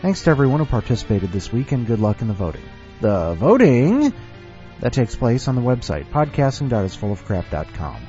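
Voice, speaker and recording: A man's voice: medium pitch, big pitch swings, fairly quick, warm tone. A man hosting a story podcast, reading stories aloud and rambling jokingly between them. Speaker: podcast host. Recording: dull lo-fi recording with faint music.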